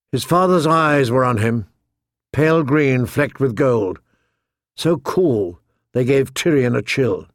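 A man reading a fantasy novel aloud in slow, deliberate scripted narration. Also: medium pitch, expressive, no echo, clean studio sound. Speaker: audiobook narrator.

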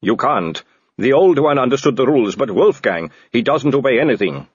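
A man's voice: medium pitch, expressive, moderate pace, breathy edge, dry recording. A man voicing a nervous, placating male guard captain in an audiobook, on a slightly dull, dry recording. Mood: anxious.

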